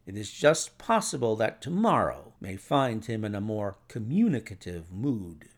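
A man's voice: on the low side, big pitch swings, a little slow. A man voicing a confident detective who lays out his reasoning. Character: sharp, confident male detective.

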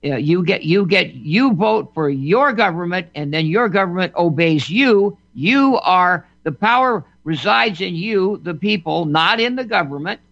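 A man's voice: high voice, expressive, unhurried, gravelly, few pauses, fairly bright tone. A man giving an emphatic political monologue as a commentator, often repeating words and restarting phrases. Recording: dull lo-fi recording.

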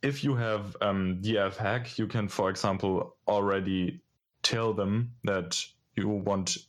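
Man, German accent, very deep voice, slow pace, hesitant casual chat. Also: steady tone. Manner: thoughtful, hesitant with many fillers.

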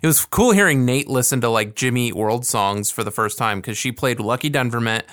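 A man's voice: medium pitch, brisk, a bit bright, no echo, studio quality. A man co-hosting a podcast, chatting casually about music in a rambling way full of fillers. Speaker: podcast co-host.

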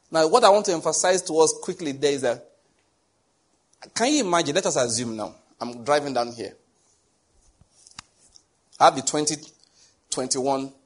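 Husky Nigerian preacher. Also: male voice, a little high. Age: middle-aged. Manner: animated storytelling, acting out dialogue. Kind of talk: sermon.

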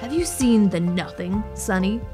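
A woman reading aloud as a cruel, menacing male werewolf, speaking slowly and tauntingly. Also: medium pitch, expressive, music in the background, lightly acted.

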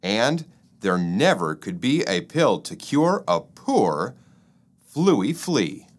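A man's voice: fairly low pitch, big pitch swings, slow, heavily acted. A man voicing Bad Fred, a sly selfish male flea who fakes being sick to keep the dog to himself. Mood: whiny. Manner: whiny, fake-sick pleading.

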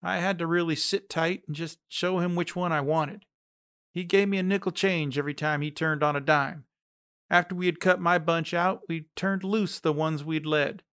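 A man narrating a story read from a letter, steady and reflective. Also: fairly high pitch, moderate pace, clean tone, no echo, clean studio sound.

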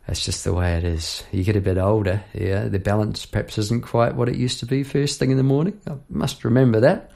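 A man's voice: fairly low pitch, gravelly, a little mellow. A middle-aged Australian man, a songwriter and piano teacher, chatting casually and laughing at himself as he tells a story.

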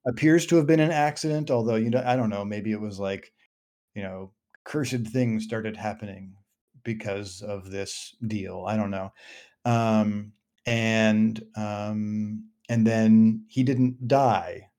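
A man's voice: lowish voice, fairly even intonation, slow pace, dark tone. Hesitant man chatting about a book. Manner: hesitant, with many fillers and restarts. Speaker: book club podcast co-host. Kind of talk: casual book discussion.

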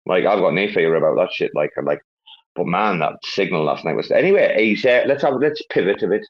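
A man's voice: sits low, lively intonation, a little fast, breathy edge. A man hosting a casual online chat, rambling and swearing through banter. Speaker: host. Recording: dull lo-fi online audio.

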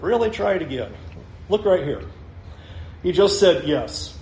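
A male pastor preaching a sermon, animated, acting out the quotes he reads with shifting voices. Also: fairly high pitch, normal speed, pauses often, roomy sound, slight background noise.

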